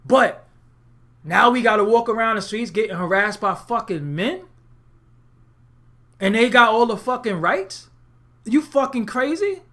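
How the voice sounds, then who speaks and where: Brooklyn guy w/ a new ranting on his webcast, cursing a lot, kinda high voice. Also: lively intonation, measured pace, pauses often, a bit bright. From Brooklyn, New York. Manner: profane, streetwise, emphatic storytelling. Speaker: webcast host. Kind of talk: unscripted monologue to viewers.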